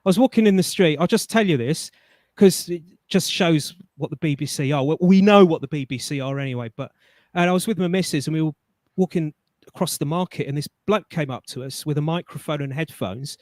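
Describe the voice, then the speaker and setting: A man rambles through a story in a slightly high voice, stumbling over restarts as he talks. The sound is dry and close, as on an online call. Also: brisk, a little mellow, dry recording. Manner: rambling anecdotes with stammered restarts. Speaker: guest. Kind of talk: casual storytelling chat.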